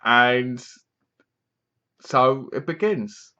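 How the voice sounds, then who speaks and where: A man's voice: medium pitch, expressive, drawn-out words, pushed and bright, highs cut off. A man casually reviewing a movie, rambling along, leaning on "basically" and correcting himself as he goes. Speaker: film reviewer.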